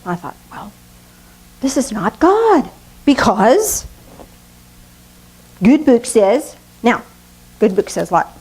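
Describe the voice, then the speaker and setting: A woman preaching a sermon, slow and earnest, with dramatic pauses. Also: fairly high pitch, big pitch swings, darkish tone, husky, rough recording. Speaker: pastor.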